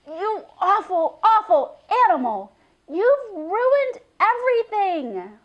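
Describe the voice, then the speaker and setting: A woman's voice: sits high, takes it slowly, lo-fi sound, voice pushed up. A woman voicing an upset young girl who scolds in a fierce whisper and then speaks in a shaky voice. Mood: furious.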